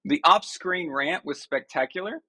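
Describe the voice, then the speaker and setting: Animated man ranting on a live stream. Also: a little high, normal speed. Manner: animated, ranting, mock-outraged, talks to viewers. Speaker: host of a sports live stream. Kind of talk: casual live-stream chat.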